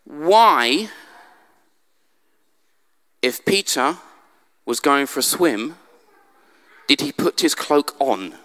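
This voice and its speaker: A man's voice: fairly high pitch, big pitch swings, extremely slow, long pauses, fairly bright tone. A man preaching a humorous sermon in a church, telling the story with dry jokes. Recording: long church hall reverb.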